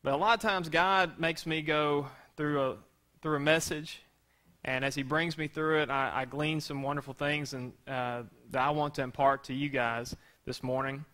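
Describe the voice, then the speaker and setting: A man's voice: on the high side, steady tone, normal speed, bright, forceful tone. A man preaching a sermon as pastor in a conversational way, asking the congregation rhetorical questions.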